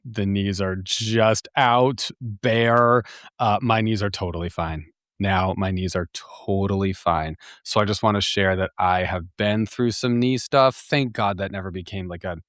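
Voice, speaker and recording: A man hosting a podcast, telling a story in a chatty, animated way, laughing often and restarting his sentences. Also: low-pitched, dry recording, studio quality. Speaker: podcast host. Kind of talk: casual storytelling monologue.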